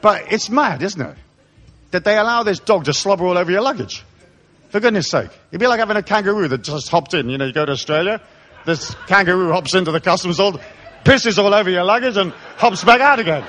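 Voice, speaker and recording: Born in England and raised in Africa, a middle-aged man gives a live talk to an audience as a spiritual lecturer. His high, fairly bright voice is animated and brisk as he delivers a profane, mocking, comic rant using put-on voices.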